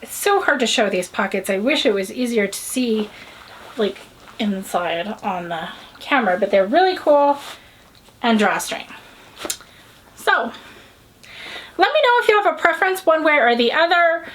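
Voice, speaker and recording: American woman, fairly high voice, casual rambling chat, a bit sweary. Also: animated, moderate pace, long pauses, fairly bright tone, a little hiss or hum. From United States. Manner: chatty, rambling, sweary, upbeat. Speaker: podcast host.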